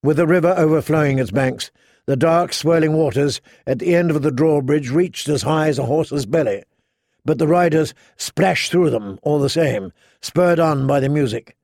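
A man reading a fantasy story aloud as narrator, measured and slowing down for dramatic emphasis. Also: fairly high pitch, darkish tone, dry recording, studio quality. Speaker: audiobook narrator.

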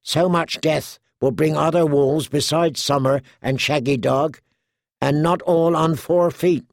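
A man doing a slow, grave young man. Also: a little high, steady tone, creaky, no room sound, studio quality. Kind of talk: audiobook character voice.

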